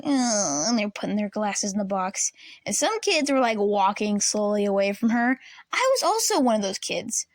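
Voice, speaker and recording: A young woman telling a personal story in a casual storytime vlog, acting out the people in it with lively voices. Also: a little high, dry recording. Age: young adult. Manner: animated, acts out classmates and teachers. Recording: dry close room, faint lamp buzz.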